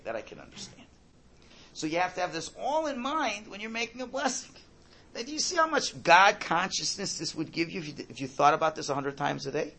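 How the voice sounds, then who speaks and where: Bright, lively man teaching a religious class. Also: a little high, slight background noise. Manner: explains slowly, repeats key points, asks "right?" often. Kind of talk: classroom Torah lesson.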